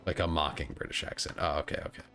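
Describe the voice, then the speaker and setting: Male streamer with a very low voice, loose, rambling chat with viewers, soft music bed behind. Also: steady tone, fast. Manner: rambling, stop-start, reading chat aloud.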